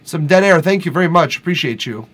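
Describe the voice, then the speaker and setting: Man, slightly high voice, blunt, candid, live-stream host chat. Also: expressive, fast talker, fairly bright tone. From Quebec, Canada. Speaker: host reviewing listeners' music.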